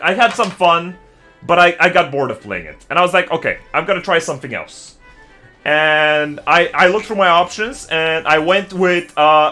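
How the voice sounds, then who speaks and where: Male game streamer, swears nonstop, agitated ranting, bright edge, fairly high voice, talking from home desk. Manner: profane, swears constantly; agitated, fast ranting with loud outbursts. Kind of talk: casual live-stream rant to chat.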